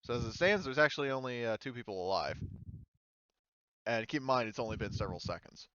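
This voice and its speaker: A man's voice: mid-range voice, quick pace, a bit bright, clean tone, no room sound. A man running a tabletop war game as game master, talking loosely with lots of fillers and restarts. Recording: slightly dull, lo-fi mic.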